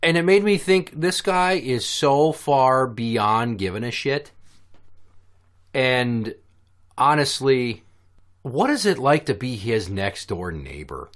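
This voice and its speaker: A man hosting a casual podcast, telling stories in an animated, profane way. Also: medium pitch, slow pace. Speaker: podcast host.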